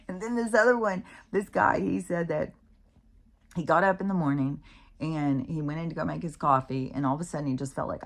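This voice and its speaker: Low-voiced woman telling chatty stories. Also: normal speed. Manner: chatty, animated, laughs often, acts out quoted voices. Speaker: vlogger. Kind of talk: casual rambling storytelling.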